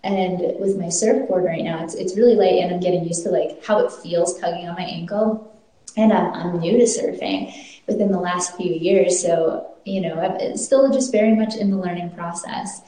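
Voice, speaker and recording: A woman's voice: lowish voice, moderate pace, dark tone. Earnest woman in a very echoey room. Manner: earnest and reflective, with frequent restarts. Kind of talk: personal storytelling.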